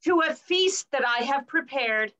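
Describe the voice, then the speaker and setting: A woman reading a scripture story aloud, slowly and expressively. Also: high voice, dull audio. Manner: slow and expressive.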